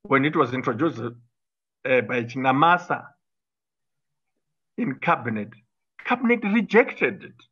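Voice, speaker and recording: A man's voice: mid-range voice, animated, unhurried, long pauses, a bit bright, breathy edge, muffled recording. A middle-aged man, a former minister arguing combatively in an interview, with frequent fillers and restarts. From Zimbabwe. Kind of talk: political interview talk.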